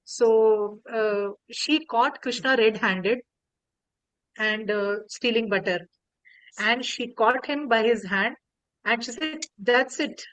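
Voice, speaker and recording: A woman tells a devotional story on a video call, animated and acting out the characters' lines. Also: on the high side, slow pace, no room sound, poor audio.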